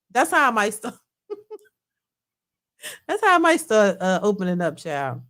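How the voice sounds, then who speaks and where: Rambling woman on a livestream, kinda high voice, chatting to y'all. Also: big pitch swings, slow, long pauses, bright, forceful tone. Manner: rambling, talks to viewers as y'all, reads super chats. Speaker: reaction channel host. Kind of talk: casual livestream chat.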